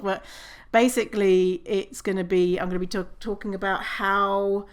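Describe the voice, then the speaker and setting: A woman's voice: mid-range voice, flat delivery, measured pace, clean tone. A woman hosting her own podcast, talking casually on her own, swearing and laughing at herself. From British Columbia, Canada. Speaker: podcast host. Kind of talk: casual solo podcast talk.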